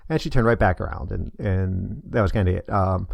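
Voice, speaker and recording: A man's voice: lowish voice, brisk, creaky, hardly any pauses, darkish tone, no room sound. A middle-aged man casually telling a personal story on his vlog, hesitant and full of fillers. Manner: rambling, hesitant, many fillers. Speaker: vlogger.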